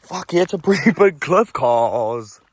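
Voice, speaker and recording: An Australian man vlogging casually outdoors on a bush walk, swearing and getting excited, recorded on a handheld camera. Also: on the high side, a little slow. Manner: sweary, excitable, shouts to test the echo. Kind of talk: casual vlog chat while hiking.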